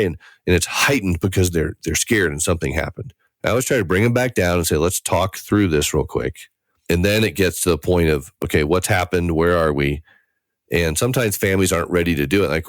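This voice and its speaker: Male interventionist guest, deep voice, animated and sincere, dry studio sound. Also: quick pace, no echo. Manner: earnest, animated, acts out quoted family members. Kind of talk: conversational interview answer.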